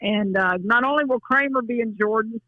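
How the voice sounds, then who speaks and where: Speaking briskly in a fairly high voice with no room sound, a middle-aged Louisiana woman, a basketball coach, joins by phone as a guest. The emotional interview is heartfelt and folksy, full of restarts, and the phone line sounds dull and dry.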